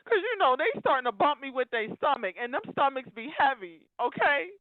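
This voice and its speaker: A woman's voice comes through a thin, phone-like line, high in pitch and dry with no room sound. She calls in to a live show and lectures listeners in an emphatic, preachy way. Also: very animated, fairly quick, dry recording. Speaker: call-in caller. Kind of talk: live call-in rant.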